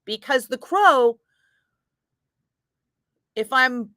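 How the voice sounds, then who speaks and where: A woman's voice: lowish voice, a bit bright, no room sound, clean studio sound. A woman radio host from Northern California chatting casually with her live chat, laughing often, swearing freely and rambling through asides. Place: radio studio.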